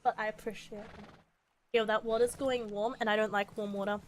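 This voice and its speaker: A woman's voice: medium pitch, little pitch movement, brisk, a little hiss or hum. An Australian woman streaming a game, chatting casually, swearing freely and laughing often.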